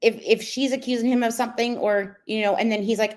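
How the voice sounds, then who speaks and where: A woman's voice: mid-range voice, normal speed. A woman hosting casual reaction commentary, chatty and explaining, with many fillers. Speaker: commentary host.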